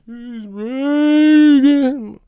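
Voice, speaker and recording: A shrieking, quavering ghoul-like wail. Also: male voice, extremely slow, dark tone, dry recording, studio quality, heavily acted. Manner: high-pitched trembling screams. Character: shrieking wailing boxer mimicking a ghoulish manager, adult man.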